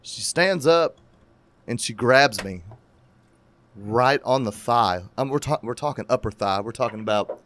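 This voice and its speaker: A man telling a crude, animated story in casual profane podcast chat, laughing at his own tale. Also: medium pitch, a little slow.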